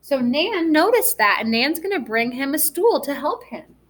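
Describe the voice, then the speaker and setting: A woman teaching a first grade class through a recorded reading lesson, speaking gently and asking the children encouraging questions. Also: high-pitched, big pitch swings, moderate pace.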